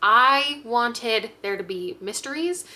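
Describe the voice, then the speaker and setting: A woman's voice: on the high side, expressive, slow pace, bright, forceful tone. A young woman talking casually to camera as a book vlogger, frank and chatty, with light laughs and fillers.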